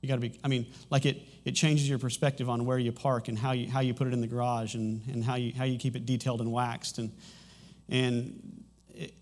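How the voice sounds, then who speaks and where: A man's voice: mid-range voice, flat delivery, fairly quick, a little mellow. A man in his thirties delivers a sermon in a loose, conversational way. He often restarts his sentences and lets a light humor through as he goes. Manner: conversational and rambling, with frequent restarts. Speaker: pastor.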